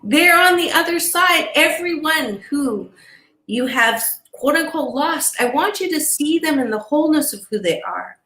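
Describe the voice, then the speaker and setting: A woman motivational speaker and psychologist giving an animated, emphatic inspirational talk as an interview guest, laughing between points. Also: high voice, unhurried, roomy sound.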